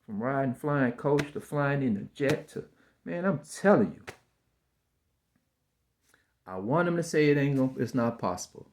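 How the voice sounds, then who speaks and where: A man in his fifties giving a slow, repetitive, preachy spiritual monologue about self-belief, often calling the listener baby. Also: mid-range voice, lively intonation, slight background noise.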